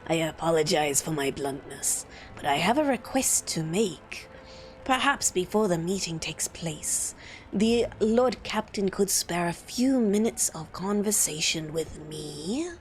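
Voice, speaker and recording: A woman's voice: on the low side, animated, unhurried, slight background noise, voice pushed down. A woman voicing a villain-coded male secretary who speaks with formal, fawning politeness in a raised voice. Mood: courteous.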